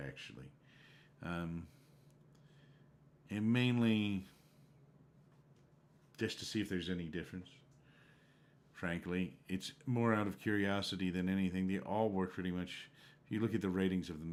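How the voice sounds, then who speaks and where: A man's voice: low-pitched, normal speed, long pauses. A man streaming a game, chatting casually and rambling from one topic to the next. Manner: rambling, conversational. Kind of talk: casual live-stream chat.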